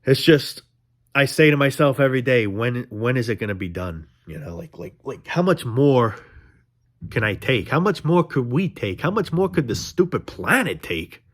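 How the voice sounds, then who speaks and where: A man's voice: medium pitch, very animated, normal speed. A young man ranting in a casual vlog monologue, frustrated and profane, rambling with restarts. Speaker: vlogger.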